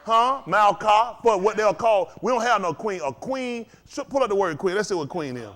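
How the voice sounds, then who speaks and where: A man preaching a sermon to a congregation, firing questions at the crowd and swinging between loud and low. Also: lively intonation, normal speed. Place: congregation hall.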